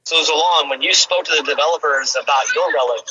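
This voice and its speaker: A man guesting on a casual gaming roundtable, talking in a rapid, rambling way with lots of fillers, heard over dull lo-fi call audio. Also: fairly high pitch, sharp tone, husky.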